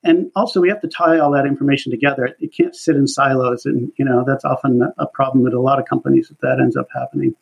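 A man working in market research, telling career stories in a relaxed interview, chatty and full of fillers. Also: mid-range voice, fast, vocal fry, hardly any pauses, slightly rough. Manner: chatty, animated storytelling with laughs and many fillers. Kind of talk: casual interview conversation. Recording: dull lo-fi audio.

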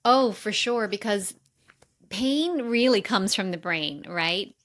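A woman's voice: medium pitch, expressive, slow pace, fairly bright tone. Earnest woman mindset coach explaining. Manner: earnest and explanatory, with fillers like "right?". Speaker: mindset coach, interview guest. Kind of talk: casual conversational interview.

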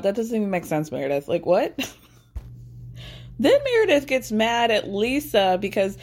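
A woman's voice: medium pitch, very animated, normal speed, pauses often, darkish tone. Woman host for a casual recap chat. Wry and talky, full of "like" and side comments. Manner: chatty and wry, lots of "like" and asides. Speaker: podcast host recapping a TV episode.

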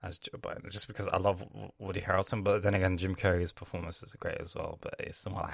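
A man's voice: low-pitched, flat delivery, fast talker, vocal fry, hardly any pauses, no room sound, clean studio sound. A man talking on his solo podcast in a rambling way, swearing and trailing off into tangents.

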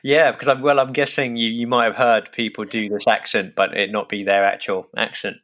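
A man's voice: fairly low pitch, little pitch movement, fairly quick, a bit bright, muffled recording. A man from England with an English accent, a podcast guest chatting casually and hesitantly, with many fillers and restarts. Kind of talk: casual interview chat.

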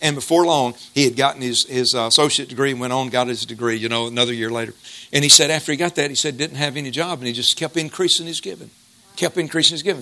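A man preaching a sermon, reading scripture slowly and emphatically and leading the congregation in call-and-response. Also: mid-range voice, pushed and bright.

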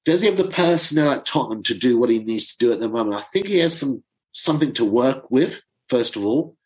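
A middle-aged man chatting to viewers as a football fan commentator, excitable and chatty, often stumbling over names. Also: medium pitch, fast, poor audio. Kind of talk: casual chat to viewers.

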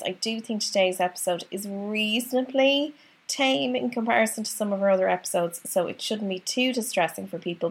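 Gravelly-voiced Irish woman podcast host. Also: mid-range voice. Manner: bubbly, rambling, self-mocking. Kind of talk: chatty podcast intro.

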